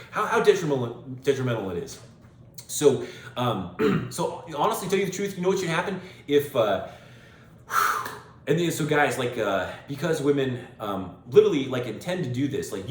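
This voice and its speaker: Emphatic lecturing man in an echoey room. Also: on the high side. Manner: emphatic, lecturing, repeats phrases for stress. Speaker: podcast host. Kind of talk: opinionated monologue.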